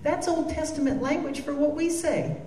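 A woman's voice: high voice, moderate pace, warm tone. A woman giving a devotional talk, earnest and heartfelt, with joking asides. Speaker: Christian speaker. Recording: echoey room from a distance.

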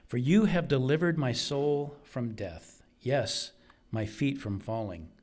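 A man's voice: medium pitch, takes it slowly, darkish tone. A man preaching a sermon, earnest and emphatic, repeating key phrases for weight.

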